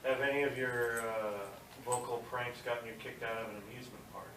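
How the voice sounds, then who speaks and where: A man's voice: medium pitch, little pitch movement, fairly quick. A man putting joking, curious questions to a convention guest. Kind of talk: casual questions at a panel. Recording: echoey room, distant mic, background noise.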